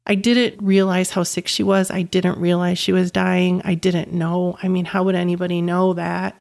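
Speaking at a moderate pace in a lowish, gravelly, slightly mellow voice with little pitch movement, a caregiving mother in her fifties shares her story in an interview. She's earnest and emphatic, repeating words to stress them.

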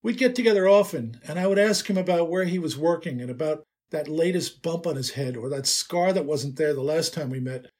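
An older man, a writer, narrating a personal story in a wry, unhurried way. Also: high voice, darkish tone.

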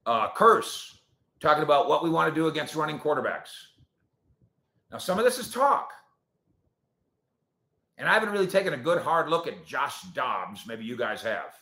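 A man hosting a sports talk show, answering viewer comments in an animated, sarcastic way that swings between loud points and quiet asides. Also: fairly high pitch, a little fast. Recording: roomy echo.

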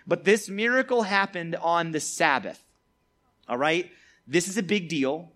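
A man's voice: fairly high pitch, a bit bright. A man giving a casual Bible lesson as a preacher, chatty and peppered with tag questions. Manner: chatty, peppered with "like" and "all right?". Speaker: youth preacher.

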